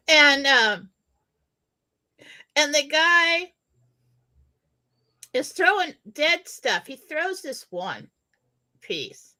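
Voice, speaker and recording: Bright-voiced laughing woman storyteller. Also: high voice, very animated, extremely slow, long pauses. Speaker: co-host. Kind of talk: casual chat, storytelling.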